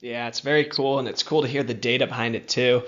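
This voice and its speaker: A man hosting a podcast, relaxed and lightly joking in casual conversation. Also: medium pitch, fast, highs cut off. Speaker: podcast host.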